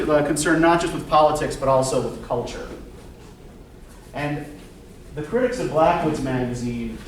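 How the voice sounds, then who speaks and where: A male lecturer gives a relaxed classroom talk, full of "um"s and "right?" checks to the students. His voice sits a little high. It comes from a mic well away from him in a very echoey room, with a faint hiss behind it. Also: far from the mic. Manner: conversational, many fillers and tag questions. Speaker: literature lecturer.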